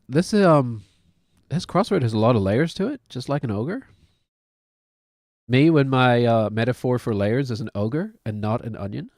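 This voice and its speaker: Playing a game on stream, a thirty-something man with a New Zealand accent keeps up casual chatter and self-deprecating jokes. The studio-quality, dry recording captures his mid-range, slightly mellow voice.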